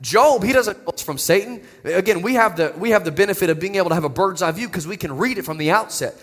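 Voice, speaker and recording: A man's voice: high-pitched, expressive, quick pace, fairly bright tone, big-room sound. A man preaching a sermon as pastor, earnest and conversational, often repeating words as he goes.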